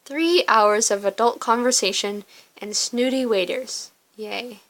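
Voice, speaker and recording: A woman's voice: fairly high pitch, unhurried, fairly bright tone. A woman reading the lines of a sarcastic, unimpressed young woman, with a dry delivery.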